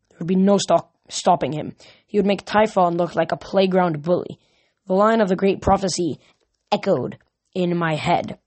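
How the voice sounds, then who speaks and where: A woman's voice: fairly low pitch, darkish tone. A woman reading a novel aloud earnestly, now and then stumbling and correcting a word. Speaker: reader.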